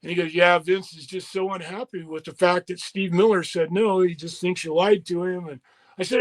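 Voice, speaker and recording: Middle-aged man, high-ish voice, profane and animated storyteller, interview guest. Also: normal speed. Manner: profane, animated storyteller acting out quoted dialogue. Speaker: retired wrestler guest.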